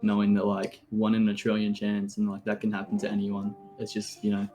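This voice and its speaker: Excited young Australian guy, low voice. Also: fairly quick, music in the background. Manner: excited rambling storytelling with laughs. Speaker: interview guest. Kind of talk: casual chat.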